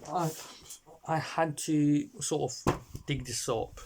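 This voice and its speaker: A man's voice: fairly high pitch, fairly even intonation, takes it slowly, background noise. A man reviewing a short film in a casual, rambling way, full of fillers and restarts, talking into a phone or webcam. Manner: hesitant, many fillers and restarts.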